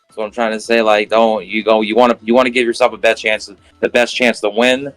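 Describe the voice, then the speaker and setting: A man's voice: lowish voice, little pitch movement, brisk, fairly bright tone, dry recording, faint music behind, rough recording. Casual man giving offhand advice. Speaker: podcast guest. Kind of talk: casual interview chat.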